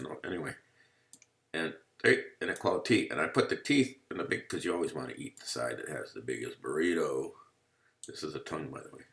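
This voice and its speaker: A man's voice: a bass voice, animated, normal speed, vocal fry, fairly bright tone. A male math teacher giving a casual, playful lecture from home. He jokes around and keeps checking in with his listeners. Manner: playful, jokey, keeps checking in with "you see?". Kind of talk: casual screen-recorded lecture.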